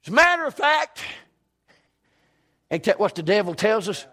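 Folksy preacher with a high voice. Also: male voice, very animated, moderate pace. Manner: folksy, emphatic, swings from hushed to shouting. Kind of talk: storytelling sermon.

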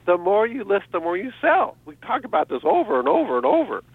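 A man talks through selling tips in an upbeat, chatty way, with a lively voice that swings up and down and sits a little high. His call comes through a dry, tinny phone line. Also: quick pace, breathy edge, no room sound. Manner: upbeat, animated, laughs often. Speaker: eBay seller guest on radio show. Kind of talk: casual radio chat giving tips.

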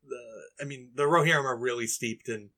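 A man's voice: medium pitch, a little fast, bright, forceful tone. A man co-hosting a casual book podcast, joking and laughing as he acts out scenes. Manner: laughing, playful, acts out characters. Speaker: podcast co-host. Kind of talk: casual book discussion chat.

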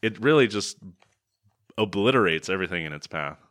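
A man with a lowish voice that swings up and down as he retells a movie scene by scene. He talks casually, as one half of a podcast, and every so often breaks into a loud shouted impression of a character. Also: fairly quick. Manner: animated storytelling, bursts into loud shouted impressions. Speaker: podcast co-host. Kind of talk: casual movie recap chat.

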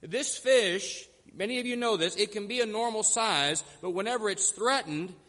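A man preaching a sermon as pastor, telling stories and slowing down to stress key points. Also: high-pitched, bright, forceful tone, long reverb tail. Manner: storytelling, slows down for emphasis.

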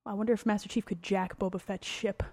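A woman co-hosting a casual podcast, talking quickly and joking. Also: mid-range voice. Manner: fast, animated and joking. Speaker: podcast co-host. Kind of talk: casual chat.

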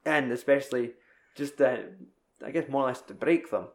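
A young man tells a film's story in a loose, sweary ramble. His voice sits at an ordinary middle pitch and rings around an echoey room. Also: moderate pace. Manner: rambling, sweary film recap. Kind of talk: casual chat.

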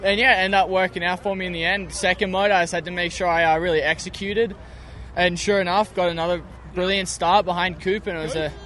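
A man's voice: sits high, fairly even intonation, fast, fairly bright tone. A man with an Australian accent, a motocross racer talking in an upbeat, chatty way in a post-race interview outdoors at a race track.

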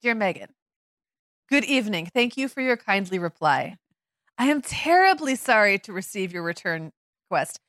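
A woman's voice: mid-range voice, big pitch swings, normal speed, a bit bright, no room sound, studio quality. A woman doing a dramatic reading as an overly apologetic female customer service agent, formal and pleading. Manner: formal, pleading, excessively polite.

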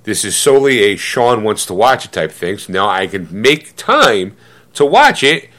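A man's voice: lowish voice, normal speed. A man co-hosting a podcast, chatting casually and laughing often. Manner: animated, acts out voices of himself and his wife. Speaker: podcast co-host. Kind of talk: casual chat.

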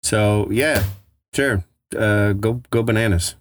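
A podcast co-host with a fairly low voice who speaks very slowly, halting and reflective. The sound is dry and close to the mic. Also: male voice, dry recording, faint music behind. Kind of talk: casual chat.

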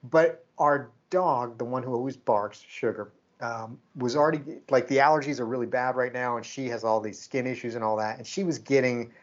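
In a relaxed podcast conversation, the male co-host animatedly recounts a story and performs the quoted exchanges between people. His medium-pitched voice moves at normal speed with few pauses, and the audio sounds muffled.

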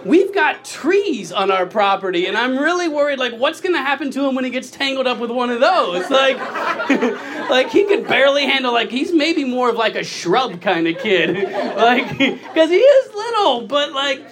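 His pitch swings widely as he talks at a normal speed. A man in his thirties on a comedy club stage, handheld mic in hand, laughs through his stories and squeals the quoted lines in sudden high bursts while the live audience roars with laughter.

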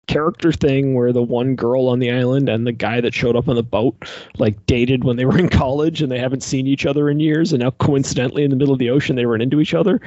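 A man's voice: mid-range voice, fairly quick, dark tone, dry recording, highs cut off. A man in casual podcast chat, animatedly ranting and exasperated, filling his talk with "like". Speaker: podcast co-host reviewing a movie.

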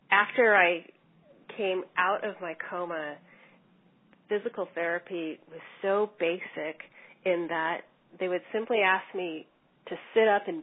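A middle-aged woman telling her own recovery story in an earnest, measured way with small restarts. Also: lowish voice, husky. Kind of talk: personal storytelling. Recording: tinny phone-like line.

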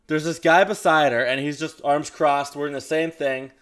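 A young man hosting a podcast, telling a dating story in animated casual chat and swearing often. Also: fairly high pitch, normal speed, clean tone. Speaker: podcast host.

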